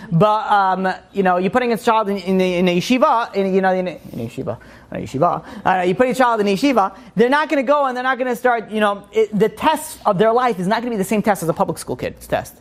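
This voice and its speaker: A man giving an informal religious class, rambling with many restarts and animated asides. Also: high voice. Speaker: Torah teacher.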